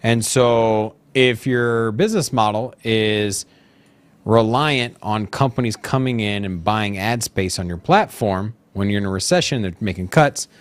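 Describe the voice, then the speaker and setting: A man co-hosting a casual crypto news show, opinionated and expressive, often laughing along. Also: on the low side, measured pace, clear, resonant tone. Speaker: co-host.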